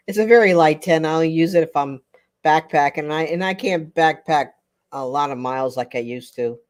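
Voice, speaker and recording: A woman's voice: deep voice, moderate pace, darkish tone. An older woman hosting a casual livestream chat with viewers, chatty and rambling, often breaking into laughter. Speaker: livestream host.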